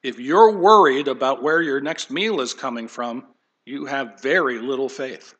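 A pastor preaching a conversational sermon, animated and folksy, acting out the voices he quotes. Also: medium pitch, measured pace, dull audio.

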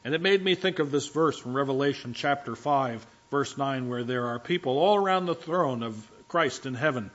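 A man's voice: medium pitch, normal speed, few pauses, fairly bright tone. Male pastor, chatty sermon delivery, self-deprecating humor, stumbles and restarts; muffled lo-fi recording. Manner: frequent restarts and filler words. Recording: dull lo-fi recording.

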